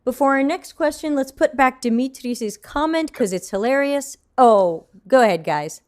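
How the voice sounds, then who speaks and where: A woman's voice: high voice, moderate pace. A woman hosting a casual online Q&A panel on a video call, joking and handing questions to her panelists. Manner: lively, joking, hands the floor to panelists. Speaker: panel host.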